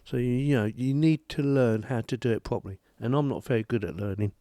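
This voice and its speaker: A man's voice: mid-range voice, brisk, warm tone, no echo, clean studio sound. A man with a British accent giving a chatty, rambling home review of a desk microphone. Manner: chatty, rambling, self-deprecating. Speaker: tech reviewer. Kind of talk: casual product review. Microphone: desk microphone on boom arm.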